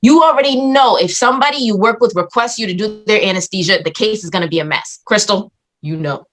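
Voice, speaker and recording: A woman's voice: mid-range voice, brisk. A woman guest on a podcast, telling a story in casual chat with blunt, dramatic, profane delivery.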